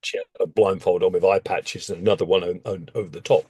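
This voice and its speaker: A man, a guest telling a story in casual conversation, animated and often leaping suddenly up in pitch. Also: fast talker, breathy edge, no echo. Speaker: interview guest.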